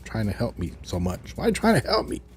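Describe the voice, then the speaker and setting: A man's voice: huge pitch swings, fast talker, a little mellow, a little hiss or hum. A man voicing a proud, upset woman with weather powers, quoting her in an exasperated retelling. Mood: pleading. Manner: mock-high exasperated retelling.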